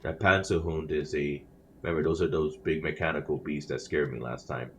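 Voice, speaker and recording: Very deep-voiced man reading aloud. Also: steady tone, a little fast, a bit bright, muffled recording, slight background noise. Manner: stumbles over words and corrects himself mid-sentence; self-conscious about reading aloud. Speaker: gamer playing a game on his channel. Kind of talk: reading in-game newspapers aloud with casual commentary.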